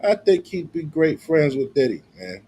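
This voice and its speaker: A man's voice: fairly high pitch, big pitch swings, moderate pace, dark tone, slightly rough. A man streaming casual, profane commentary, slangy and loose with lots of filler.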